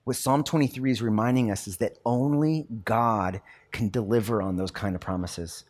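A man in his thirties preaching a sermon in a loose, conversational way, with lots of fillers and lively storytelling. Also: on the low side, normal speed. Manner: conversational and animated, many fillers. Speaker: pastor.

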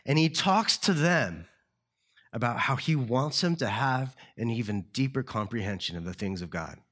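A man preaching a sermon as pastor, earnest and slowing down to stress key words. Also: medium pitch, animated, fairly bright tone. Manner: earnest, slows down for emphasis.

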